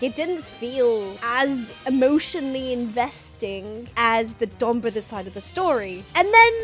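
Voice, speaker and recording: A young woman hosting a casual reaction video, excitable, gasping, laughing and swearing as she talks. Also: high voice. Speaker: host reacting to a TV show.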